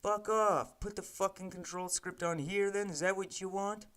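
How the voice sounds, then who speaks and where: Coding a game on a live stream, this man mumbles code terms casually and erupts now and then into frustrated, foul-mouthed rants. His voice is high-pitched with little pitch movement, at a moderate pace.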